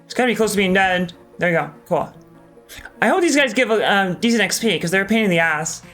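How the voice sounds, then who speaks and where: A man's voice: sits high, expressive, quick pace, sharp tone, faint music behind. A man doing live gameplay commentary as a streamer, talking casually and candidly, swearing often and hesitating with many ums. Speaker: game streamer.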